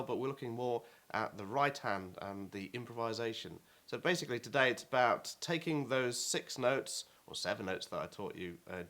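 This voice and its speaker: A man's voice: mid-range voice, a bit bright. A man teaching an online keyboard lesson, explaining at an easy pace with fillers and now and then chanting rhythm words over his playing.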